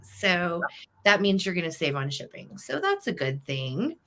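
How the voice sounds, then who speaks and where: Bright, chatty woman hosting a live sale. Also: lowish voice, big pitch swings, unhurried, a little hiss or hum. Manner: chatty, greets viewers by name. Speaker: host of a live vintage sale. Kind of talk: casual live-stream chat.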